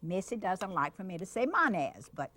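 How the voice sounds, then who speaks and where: A woman's voice: mid-range voice, sing-song, moderate pace, a bit bright. An older woman with a Cajun accent hosting a cooking show. She chats affectionately with a child beside her as she demonstrates a dish. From Louisiana. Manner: chatty and affectionate, talks to the child while cooking.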